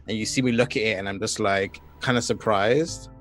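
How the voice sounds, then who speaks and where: Low-voiced man describing his character. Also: steady tone, fairly bright tone, faint music behind. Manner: loose, filler-heavy, quick to laugh. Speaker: player. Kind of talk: in-character tabletop chat.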